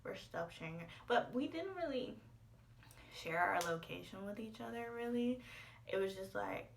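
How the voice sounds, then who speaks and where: A woman's voice: on the high side, animated, normal speed, distant mic, a little hiss or hum. A sad young woman telling a breakup story in a casual storytime, rambling with lots of fillers and sometimes dropping into a whisper. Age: young adult. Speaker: vlogger.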